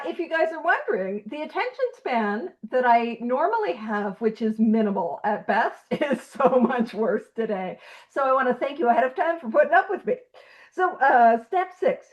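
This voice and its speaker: A woman with a high voice leads a recovery study group over a video call. She talks in a loose, animated way and pokes fun at herself, often laughing as she goes. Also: highs cut off. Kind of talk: casual teaching chat.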